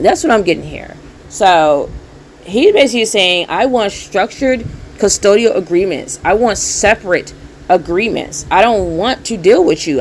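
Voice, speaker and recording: Young woman host, sarcastic and rambling, lower voice over faint noise. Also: poor audio. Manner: animated, sarcastic, rambling with fillers. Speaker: commentary channel host. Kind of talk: casual opinion commentary.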